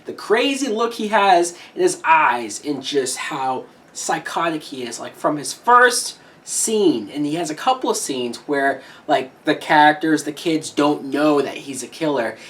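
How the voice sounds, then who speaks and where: A woman reviewing a movie in a heated, profane rant, with sudden shouted peaks. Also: low voice, expressive, a little slow, few pauses, distant mic. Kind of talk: ranting film review.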